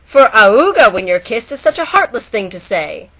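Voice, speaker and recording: Woman reading as a lovesick storybook turtle, high pitched and pleading, loud. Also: big pitch swings, normal speed, exaggerated voice.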